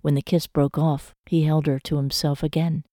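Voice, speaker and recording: A woman narrating a romance novel audiobook in a measured, emotive storytelling manner. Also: deep voice, little pitch movement, warm tone, dry recording, studio quality.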